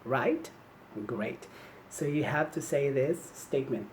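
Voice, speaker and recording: A woman giving an online English teaching demonstration, modeling polite classroom phrases slowly and clearly for young learners to repeat. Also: rumbling low, lively intonation, darkish tone, slight background noise, rough recording. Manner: slow, clear, encouraging, modeling phrases for repetition.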